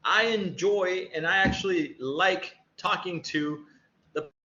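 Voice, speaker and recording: A middle-aged man with a high voice talks to students over a video call. He sounds conversational and encouraging and acts out little exchanges between teacher and student. The audio is roomy and echoey, with a muffled, dull tone. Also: takes it slowly, bright, forceful tone. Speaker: college faculty member. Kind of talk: virtual panel talk to students.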